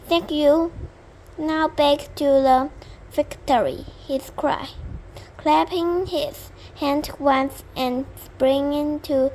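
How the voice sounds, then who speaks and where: Slow, high young reader of a storybook. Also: female voice, slight background noise. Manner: slow, halting reading with restarts. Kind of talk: reading a storybook aloud.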